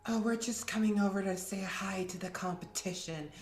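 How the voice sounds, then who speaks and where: A woman's voice: medium pitch, fairly even intonation, moderate pace, roomy sound, soft background music. A woman playing a tabletop game, speaking confidently and teasingly in and out of character. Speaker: player. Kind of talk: tabletop role-play.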